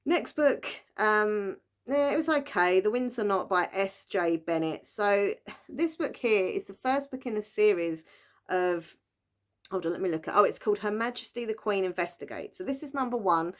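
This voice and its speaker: A woman's voice: medium pitch, lively intonation, normal speed. A British woman chatting casually about books she has read, rambling with lots of fillers and laughing often. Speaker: book vlogger. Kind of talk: casual chat.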